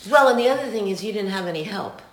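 A woman's voice: medium pitch, animated, very fast. A woman hosting an interview, asking questions and encouraging her guest. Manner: encouraging, affirming, laughs along. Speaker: interviewer, host. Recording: echoey room.

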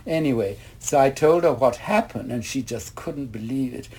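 Older man, interviewee, mellow, rambling anecdotal storyteller full of asides. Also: medium pitch, lively intonation, normal speed, gravelly, slightly rough. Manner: rambling anecdotal, quotes others, many asides. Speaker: interviewee, retired ballet master.

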